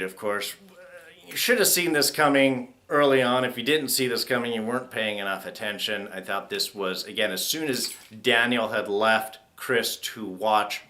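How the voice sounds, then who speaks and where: A man reviewing a TV episode in a casual spoken way, chatty and quick to act out characters' lines in mock voices. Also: medium pitch, bright, forceful tone. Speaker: TV show reviewer.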